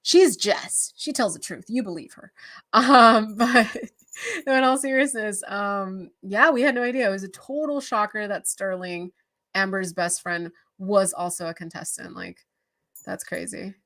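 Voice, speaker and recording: A woman's voice: mid-range voice, unhurried, a bit bright. A young adult woman hosting a reaction show, chatting casually to camera in a bubbly, openly emotional way.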